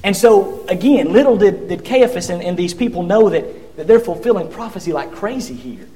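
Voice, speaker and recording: A man with a notably high voice delivers a sermon, retelling scripture as a vivid story. He stumbles and restarts often and slips into the quoted figures' voices as he goes. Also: expressive, normal speed, dark tone. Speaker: preacher.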